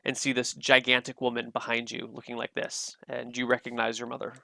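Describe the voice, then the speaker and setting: Gravelly, bright-voiced male dungeon master. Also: mid-range voice, completely flat delivery, fairly quick. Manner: descriptive, with frequent fillers and restarts. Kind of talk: narrating a tabletop game.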